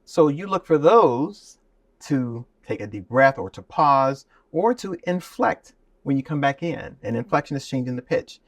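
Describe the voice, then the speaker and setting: A man's voice: mid-range voice, lively intonation, normal speed, no room sound, recorded from a distance. Man, voice and speaking teacher, demonstrative, sings examples, dry sound, a bit off mic. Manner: demonstrative, shifts into singing to illustrate. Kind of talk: explaining with sung and spoken examples.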